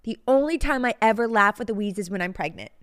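A woman's voice: mid-range voice, expressive, fast, clear, resonant tone. A young woman co-hosting a podcast, chatting casually, giggling often and rambling through her stories. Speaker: podcast co-host. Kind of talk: casual chat.

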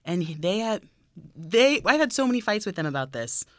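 Female podcast guest, animated and self-deprecating, dry studio sound. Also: medium pitch, brisk, dry recording. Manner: self-deprecating, animated, gasps in mock outrage. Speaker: guest actress. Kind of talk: casual interview chat. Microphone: studio microphone.

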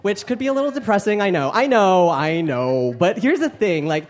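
A young man doing a stand-up comedy set, animated and campy, with playful asides to the crowd. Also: high voice, normal speed. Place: live comedy club stage. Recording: live club recording with crowd. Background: audience laughter.

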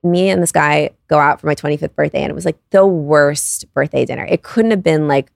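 A woman's voice: deep voice, fairly quick, gravelly, no room sound, clean studio sound. A woman in her thirties, a podcast guest telling her story in an earnest, confessional way with lots of "like". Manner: earnest and confessional, many "like" fillers. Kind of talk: candid personal storytelling.

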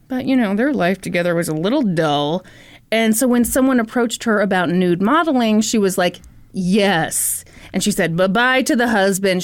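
A woman hosting a podcast, telling a story with wry, sarcastic comedy. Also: medium pitch. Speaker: podcast host.

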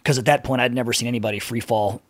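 A man's voice: medium pitch, fairly even intonation, racing, dry recording, studio quality. A man in his thirties, a podcast guest telling casual, profane anecdotes and laughing between them. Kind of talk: casual storytelling in conversation.

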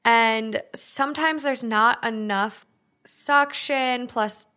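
A woman's voice: a little high, slow, bright, forceful tone. A woman hosting a casual podcast chat, reading stories aloud with candid laughter. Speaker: podcast host.

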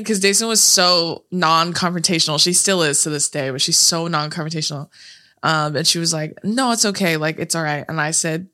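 Bright-voiced young woman telling a story. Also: on the low side, brisk. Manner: animated, profane, laughs often. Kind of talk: casual storytelling chat.

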